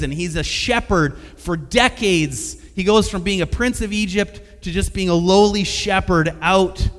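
Man preaching with an animated storytelling manner, fairly high voice, long hall reverb. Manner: animated storytelling, acting out dialogue. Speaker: pastor. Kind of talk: sermon.

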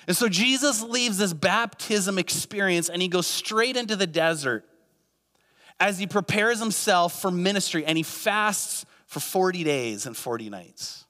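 An earnest man preaching a sermon, his voice sitting a little high for a man. He asks many rhetorical questions and repeats key phrases. A long reverb trails his words, as in a big hall. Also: bright, forceful tone. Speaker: pastor.

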